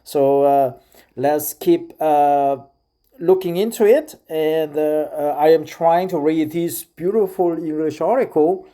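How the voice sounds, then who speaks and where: Slow, hesitant Korean-accented man. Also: on the high side, mellow. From South Korea. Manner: hesitant, with frequent filler pauses. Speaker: vlogger. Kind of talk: casual spoken monologue.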